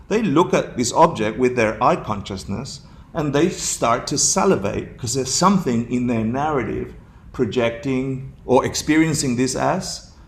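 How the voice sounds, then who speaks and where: Gravelly, playful man teaching a class. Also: mid-range voice. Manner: playful, laughs often, asks the class questions. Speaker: dharma teacher. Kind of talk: dharma class talk. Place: class room with students.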